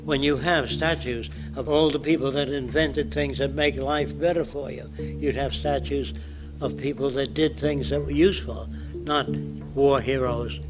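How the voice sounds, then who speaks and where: A man's voice: mid-range voice, fairly even intonation, unhurried, music in the background, rough recording. A man in his nineties giving a public lecture in a blunt, provocative way. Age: 90s.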